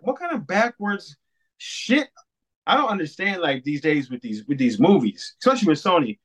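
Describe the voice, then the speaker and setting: A man in casual podcast chat, with a voice pitched a bit high. He talks in an animated way, swears freely and laughs often. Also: brisk, poor audio. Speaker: podcast co-host.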